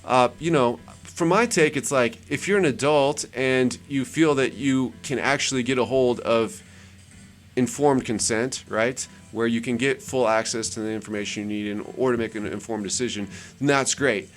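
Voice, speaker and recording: Here a male channel host gives relaxed commentary over web pages he scrolls through, drifting and repeating words for effect. He has a mid-range voice at a moderate pace.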